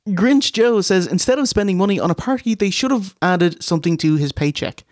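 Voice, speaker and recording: A man's voice: high voice, animated, fairly quick, darkish tone, no room sound. Dry man recapping wrestling. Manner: reads play-by-play recaps with dry jokes. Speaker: co-host recapping the show. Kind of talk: casual review chat.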